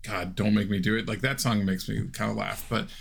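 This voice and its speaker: A man's voice: lowish voice, fairly even intonation, brisk, gravelly. A man hosting a casual podcast chat, rambling and hesitant, restarting his thoughts. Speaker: podcast host.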